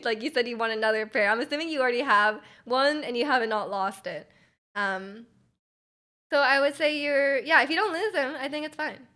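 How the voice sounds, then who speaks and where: A young Canadian woman with a high, slightly bright voice chats casually with viewers on a live stream. She giggles and rambles, restarting her sentences often.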